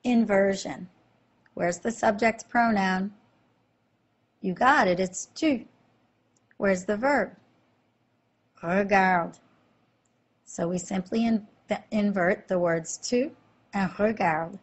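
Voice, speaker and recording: A woman talks through a slide-based language lesson in an airy, breathy voice. She explains each step patiently and keeps asking the listener short questions to check along. Her pitch sits in an everyday middle range. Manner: slow, clear explanations with quizzing questions. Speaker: French teacher.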